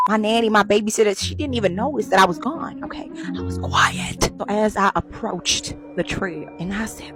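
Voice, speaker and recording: Animated, profane woman telling a story. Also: medium pitch, moderate pace, over music. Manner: animated, profane, self-mocking; dramatic switches into acted quotes. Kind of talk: storytime vlog.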